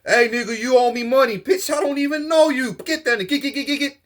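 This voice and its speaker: A man's voice: very high-pitched, a little fast, a bit bright, voice pushed up. A man putting on a frantic, whiny greedy stranger. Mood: aggressive. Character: panicky greedy man, crude and pleading.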